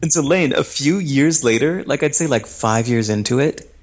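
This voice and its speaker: Animated storytelling man. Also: moderate pace. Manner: animated, acts out quoted voices with rising pitch and laughs. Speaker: guest. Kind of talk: storytelling interview.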